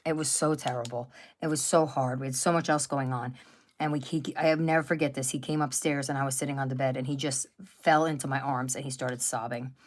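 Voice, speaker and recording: A woman's voice: very deep voice, steady tone, a little fast. A woman in her fifties chatting casually on a live stream, telling rambling stories full of fillers and restarts. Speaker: craft channel host. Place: at home by a wood stove.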